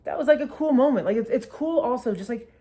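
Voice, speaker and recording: A woman's voice: a little high, expressive, quick pace, warm tone. A woman in her twenties tells a story in a casual, chatty way, swearing freely and saying "like" a lot. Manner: chatty, profane, heavy use of "like". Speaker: vlogger.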